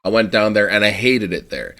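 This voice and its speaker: A man co-hosting a podcast in casual chat, animated, laughing often and tripping over his words. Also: lowish voice, a little fast. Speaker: podcast co-host.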